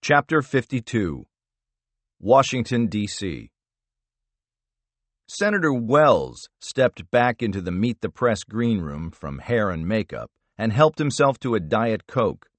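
A man with a low voice reads a thriller with lively, rising and falling pitch. His delivery is steady and measured, with a dry, close sound and no room around it. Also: dry recording. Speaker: audiobook narrator. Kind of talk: scripted narration.

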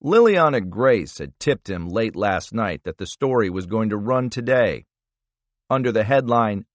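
A man narrating a thriller audiobook in a steady, measured reading style. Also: lowish voice, no echo. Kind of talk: scripted narration.

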